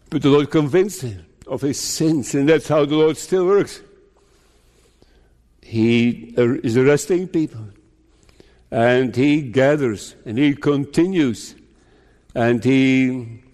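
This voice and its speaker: A man preaching a sermon as pastor, slow and deliberate, putting rhetorical questions to his listeners. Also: fairly high pitch, warm tone. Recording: long reverb of a large hall.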